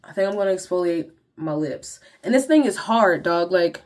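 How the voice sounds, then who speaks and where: A woman's voice: fairly low pitch, animated, moderate pace. A young woman vlogger chatting casually to viewers in slangy talk while walking through her skincare routine. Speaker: beauty vlogger.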